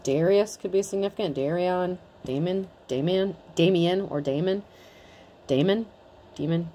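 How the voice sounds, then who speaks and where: A woman in her thirties gives a casual tarot reading, blunt and chatty, swearing freely. Her voice is lowish and mellow at a measured pace, with slight background noise behind it.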